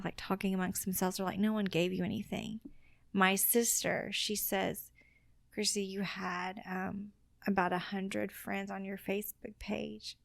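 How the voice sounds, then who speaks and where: Gravelly-voiced woman sharing an earnest testimony. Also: mid-range voice, dry recording. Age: adult with children. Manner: earnest, quotes people in lively retellings. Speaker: podcast guest. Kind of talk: personal testimony storytelling.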